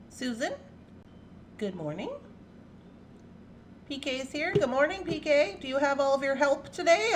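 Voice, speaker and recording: Woman host, casual morning stream; high, sing-song delivery, home mic with a little noise. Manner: chatty, greets viewers one by one by name; playful baby talk to her cats. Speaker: livestream host. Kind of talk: casual morning livestream chat.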